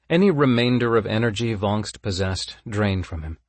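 Husky low-voiced male story narrator. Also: lively intonation, normal speed, hardly any pauses, no room sound.

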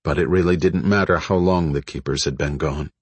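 A man narrating an audiobook in a steady, measured way. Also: very deep voice, breathy edge, no echo. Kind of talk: scripted narration.

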